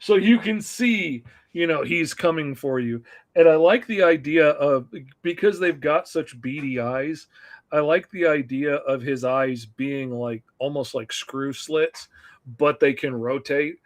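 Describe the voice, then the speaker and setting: A man's voice: fairly high pitch, measured pace. A man co-hosting a casual live stream, talking enthusiastically and rambling with many fillers. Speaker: co-host.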